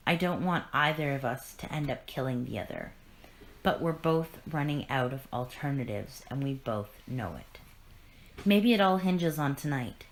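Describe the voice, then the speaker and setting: A woman reads a tired masked vigilante man who pleads with his enemy. Her voice sits low and the reading stays earnest and steady. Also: low-quality recording.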